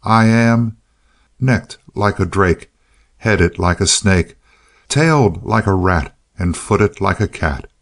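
Low-voiced man narrating a storybook, dry and sly. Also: slow pace. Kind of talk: storybook narration as the dog himself.

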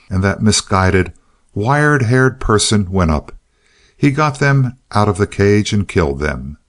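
A man's voice: on the low side, sing-song, measured pace. A man narrating a storybook in the first person as a dog, with a dry, sly, self-satisfied manner.

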